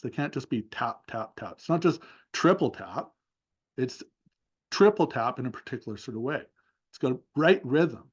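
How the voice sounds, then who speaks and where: A man's voice: medium pitch, expressive, a little slow, pauses often, husky, lo-fi sound. A man giving a seminar talk over a video call, thoughtfully narrating a session step by step with many fillers. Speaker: seminar speaker.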